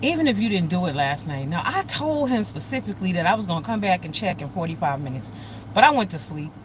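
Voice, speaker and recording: A woman's voice: on the low side, very animated, fast talker, slight background noise, poor audio. A middle-aged woman hosting a casual livestream, talking bluntly and with heavy profanity and greeting viewers by name as they join. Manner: blunt, profane, heated storytelling. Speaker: livestream host.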